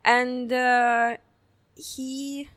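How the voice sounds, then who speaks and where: A woman with a Russian accent, a Russian native speaker, talking haltingly as a podcast guest. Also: sits high, little pitch movement, fairly bright tone. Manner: halting, searching for words. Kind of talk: casual chat.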